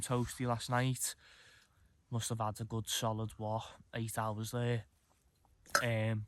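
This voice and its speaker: A man's voice: mid-range voice, no room sound. A man, chatting casually and rambling a little to camera at a mountain camp in the morning. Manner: chatty, rambling, self-deprecating. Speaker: camping vlogger. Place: outdoors on a mountain campsite.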